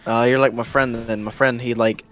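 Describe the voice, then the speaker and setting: A man streaming a game, chatting casually and giving relaxed hardware advice, swearing now and then. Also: mid-range voice, a little fast, faint music behind.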